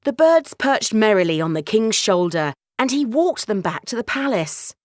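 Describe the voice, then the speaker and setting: A woman narrating a scripted children's story in an animated storytelling manner. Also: medium pitch, normal speed, no echo, studio quality.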